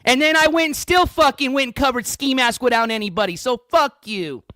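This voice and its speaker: A man's voice: very high voice, brisk, bright, forceful tone, no room sound. A man hosting a livestream news show, ranting in an angry, profane, combative way.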